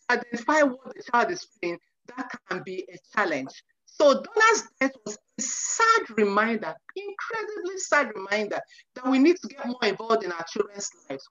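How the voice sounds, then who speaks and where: A woman's voice: a little high, fairly bright tone. A woman in her forties, a youth counselor, earnestly advising parents and often saying "you know". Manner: earnest, repeats "you know", acts out quotes. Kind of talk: advice talk to parents. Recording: muffled lo-fi recording.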